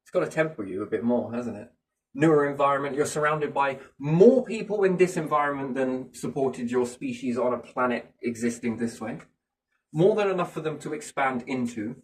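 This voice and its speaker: Man, casual speculative chat, rambling, rhetorical questions, medium pitch, slightly distant mic. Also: lively intonation, moderate pace. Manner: rambling, musing, keeps asking rhetorical questions. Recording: voice a bit far from the mic.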